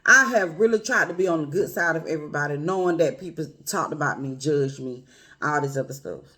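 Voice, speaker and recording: A woman speaking earnestly and personally to her viewers, calling them y'all and family, with a quiet, emotional edge. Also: low-pitched, brisk. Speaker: vlogger. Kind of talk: heartfelt personal talk to camera.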